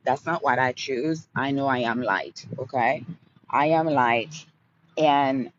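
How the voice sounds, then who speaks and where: A man hosting a live question-and-answer stream, speaking in a slow, soothing, affirming way. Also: mid-range voice. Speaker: livestream host. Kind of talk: motivational live Q&A. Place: outdoors. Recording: dull lo-fi sound, street noise.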